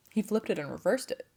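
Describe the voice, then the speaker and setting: A woman's voice: medium pitch, mellow, a little hiss or hum. A young woman casually retelling a folktale, chatty and swearing, with laughing asides and playful voiced quotes. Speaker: storyteller and channel host.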